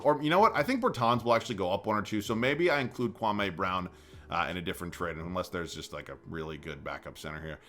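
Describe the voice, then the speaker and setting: A young man giving casual commentary over a basketball video game, moving between calm play-by-play and profane rants. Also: low-pitched. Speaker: gaming YouTuber.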